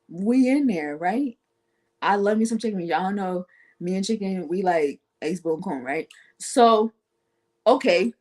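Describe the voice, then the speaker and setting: Animated woman telling a story. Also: medium pitch. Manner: animated, acts out quoted voices. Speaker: talk show guest. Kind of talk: casual storytelling.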